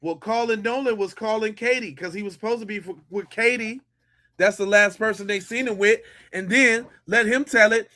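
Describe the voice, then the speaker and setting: A man's voice: sits high, moderate pace, sharp tone. A middle-aged man hosting a podcast, giving mocking, incredulous, slangy commentary on a clip.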